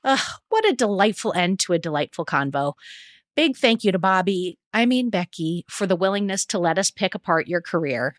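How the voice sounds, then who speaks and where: A woman's voice: fairly low pitch, lively intonation, moderate pace, no echo, studio quality. A woman hosting a podcast, reading her segments and sign-off with chatty, playful asides. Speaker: podcast host. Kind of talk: scripted podcast narration.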